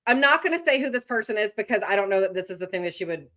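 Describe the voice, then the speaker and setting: A woman's voice: mid-range voice, lively intonation, racing, sharp tone, a little hiss or hum. A young adult woman in a casual chat, emphatic and chatty with many fillers. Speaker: podcast co-host.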